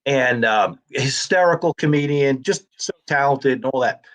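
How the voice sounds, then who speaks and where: A man's voice: medium pitch, moderate pace. A middle-aged man, a comedian and actor, telling anecdotes in a casual interview and acting out the voices of others.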